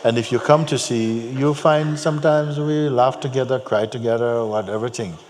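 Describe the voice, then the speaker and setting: A man giving a spiritual talk to an audience, telling stories gently and repeating his phrases, with soft laughs. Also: medium pitch, moderate pace. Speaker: spiritual teacher. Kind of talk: spoken teaching to an audience. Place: large hall. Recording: long hall reverb, faint hum.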